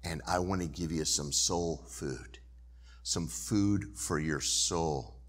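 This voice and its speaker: A man voicing God as a gentle, tender presence, speaking softly and slowly. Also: sits low, pitched below the performer's own voice. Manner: soft, slow, hushed.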